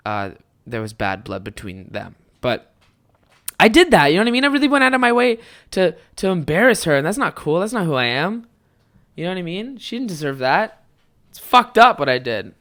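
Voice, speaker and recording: Animated, rambling young man podcasting. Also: fairly high pitch, clear, resonant tone. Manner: rambling, swears a lot, animated outbursts. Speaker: podcast host. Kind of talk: casual solo podcast storytelling.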